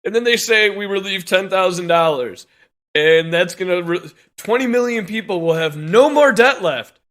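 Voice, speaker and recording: Bright-voiced man ranting, swearing hard. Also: high-pitched, lively intonation, moderate pace. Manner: angry, swearing, laughing between bursts. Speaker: podcast co-host. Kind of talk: profane rant on a podcast.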